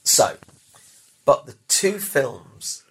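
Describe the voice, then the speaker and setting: Husky guy, middle-aged, voice jumps all over, loud then mumbly. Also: medium pitch, very slow. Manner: animated storyteller, swings from loud bursts to quiet asides. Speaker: podcast guest. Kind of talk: casual chat.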